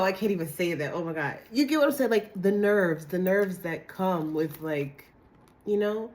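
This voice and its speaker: Raspy, hoarse woman, low-ish voice, casual blunt tarot reader talking to her viewers. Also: a little mellow. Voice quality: dry, raspy voice. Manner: blunt, chatty, slangy. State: hoarse from a cold. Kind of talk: casual tarot reading to camera.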